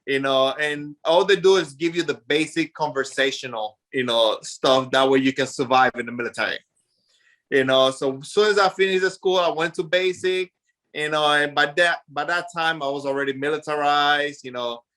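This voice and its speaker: This is a man in his forties with a Puerto Rican accent, talking as a guest on a podcast. He tells stories in an animated way and acts out the voices of people from his past, filling the gaps with "you know." His voice is bright and sits a little high for a man. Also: moderate pace. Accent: Puerto Rican Spanish. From Puerto Rico. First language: Spanish. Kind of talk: casual storytelling interview.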